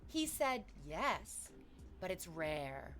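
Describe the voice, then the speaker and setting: A woman's voice: fairly low pitch, drawn-out words, a little hiss or hum. Chatty woman streamer reading chat. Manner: chatty, animated, thanks subscribers, reads chat aloud. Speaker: livestreamer. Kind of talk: casual stream chat with viewers.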